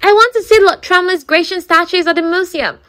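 A woman's voice: very high-pitched, fairly quick, fairly bright tone, dry recording, clean studio sound, pitched above the performer's own voice. A woman doing a flustered young lady. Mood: shy.

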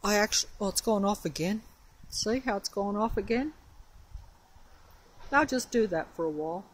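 Husky Australian woman filming outdoors. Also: medium pitch, expressive, normal speed, poor audio. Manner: hesitant, rambling, wary. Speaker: vlogger. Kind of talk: casual filmed commentary. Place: outdoors at a house on a windy, rainy street. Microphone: mobile phone camera.

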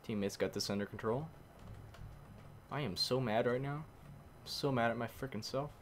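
A man commentating his own game casually, muttering and then shouting in frustration, using mild minced swears. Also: mid-range voice, normal speed, background noise. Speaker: gameplay commentator.

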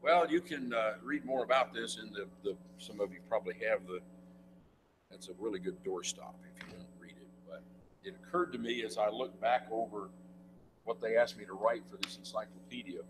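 An older man giving a conversational church lecture, with wry asides. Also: lowish voice. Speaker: guest speaker. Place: church meeting room. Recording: noisy room recording with hum.

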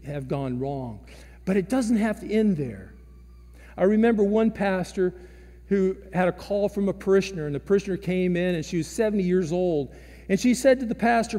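A man preaching a sermon as pastor, slow and dramatic, with big swings in loudness. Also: high voice. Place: large church sanctuary. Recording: long reverb of a church hall.

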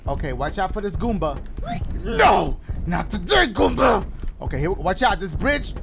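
A man giving excited gameplay commentary, talking to his audience and yelping and shouting often. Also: sits high, moderate pace, gravelly, background noise. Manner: loud, yelps and shouts often; talks to the audience as "guys". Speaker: gaming channel host.

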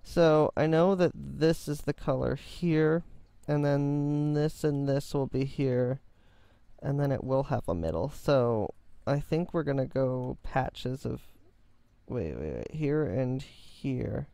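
A man's voice: mid-range voice, slow, creaky, mellow, no room sound. A man giving rambling, self-mocking, jokey commentary while building in a game. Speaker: game video host. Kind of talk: casual gameplay commentary.

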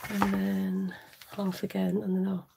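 Amid heavy background noise, a woman hosts a live card-making stream, chatting casually, reading viewer comments and often murmuring to herself. Her medium-pitched voice is gravelly and completely flat, delivered a little slowly.

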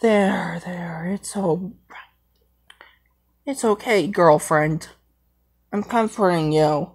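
Simba, as a woman puts him on, a halting lion. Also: on the low side, expressive. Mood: soothing. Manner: rambling, hesitant, halting. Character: brave brooding young male lion. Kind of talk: amateur fan role-play.

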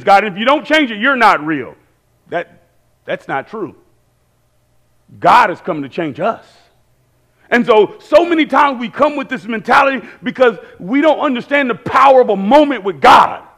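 A man preaching a sermon in a church, animated and conversational, acting out quoted voices and repeating phrases. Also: high voice, vocal fry.

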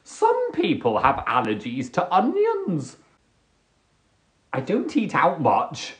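A man doing a chatty live comedy monologue from his sofa, camp and theatrical, jumping into high squealing voices when he quotes people. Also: huge pitch swings, slow pace, fairly bright tone, echoey room. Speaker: comedy livestreamer. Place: home, on a sofa.

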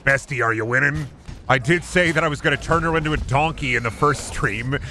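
A man's voice: fairly high pitch, a little fast, sharp tone, slight background noise. A young man streaming a game, giving sarcastic, profane, jokey commentary as he plays. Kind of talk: live gameplay commentary.

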